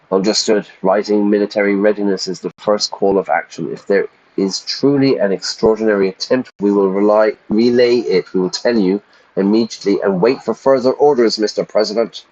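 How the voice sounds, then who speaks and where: A man's voice: fairly low pitch, fairly quick, a little mellow, poor audio. A man streaming a game who reads its text aloud and stops to explain vocabulary, chatty, and now and then stumbling over repeated words. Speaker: English teacher streaming a game.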